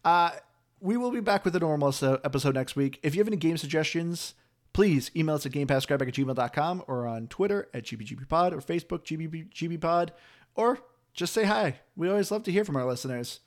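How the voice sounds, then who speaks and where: A man's voice: on the high side, expressive, quick pace. A man hosting a casual gaming podcast, chatty and upbeat, laughing easily. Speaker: podcast host. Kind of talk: casual chat.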